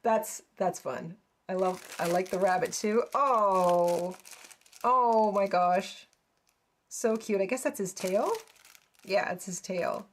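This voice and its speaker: This crafting channel host speaks at a medium pitch and a slow pace, with a bit of background noise in the recording. Her unboxing chat is casual, and she keeps gushing over each item, full of exclamations and small giggles.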